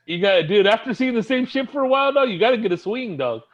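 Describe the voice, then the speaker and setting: High-voiced man tossing quick jokes. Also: expressive, dull audio. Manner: quick jokes, says dog and fool. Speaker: guest. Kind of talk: casual podcast banter.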